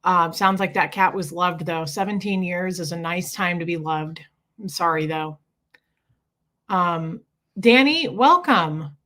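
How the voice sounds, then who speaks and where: Woman live-stream host, husky just-woke-up voice, bright and forceful tone, casual chat greeting viewers by name. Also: on the low side, unhurried.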